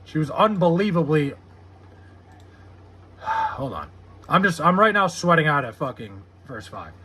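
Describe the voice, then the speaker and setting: An American man from the United States live-streams, reading chat and rambling casually and profanely with viewers, peppering his talk with "like." His voice is a little high and a little slow, with huge pitch swings and a sharp tone, over a bit of hiss or hum.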